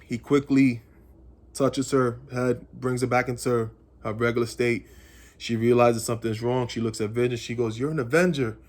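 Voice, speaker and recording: Male, medium pitch, loose speculative fan recap with lots of repetition. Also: flat delivery, moderate pace, a little mellow. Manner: rambling, speculative, repeats phrases. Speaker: comics channel host. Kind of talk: casual episode recap and theorizing.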